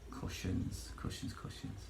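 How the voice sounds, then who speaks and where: A man's voice: measured pace, darkish tone, reverberant, a little hiss or hum. A man ranting casually to his vlog audience from his bedroom, swearing freely and rambling with many fillers. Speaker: vlogger.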